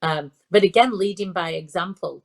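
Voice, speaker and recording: A woman's voice: on the low side, moderate pace, vocal fry. A woman in her fifties, a parenting expert, speaking in a conversational interview, full of restarts and fillers. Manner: repeats herself, frequent restarts and fillers.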